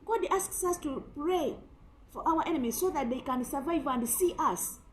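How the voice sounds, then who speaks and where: A woman's voice: high voice, lively intonation, normal speed, poor audio. A woman preacher giving an emphatic sermon full of rhetorical questions.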